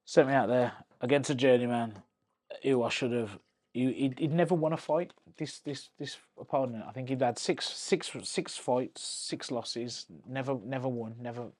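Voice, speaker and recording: A man tells stories from his boxing days as a podcast guest. His voice is mid-pitched, and the talk is casual and full of swearing. He keeps slipping into the voices of the people he quotes. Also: normal speed. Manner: animated, profane storytelling that acts out quoted voices. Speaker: podcast guest, former professional boxer.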